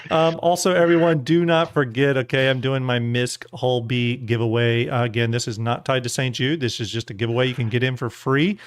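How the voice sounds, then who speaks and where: A man hosting a livestream talks in a loose, chatty way and often stumbles over repeated words. His voice sits at a middle pitch. The sound is close and dry, with no room around it. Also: fairly even intonation, a little fast, hardly any pauses, no room sound. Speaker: livestream host. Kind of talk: casual livestream chat.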